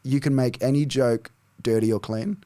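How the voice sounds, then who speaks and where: An Australian comedian chatting as a podcast guest, animated, cursing freely and laughing between lines. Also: male voice, medium pitch, normal speed. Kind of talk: casual podcast chat.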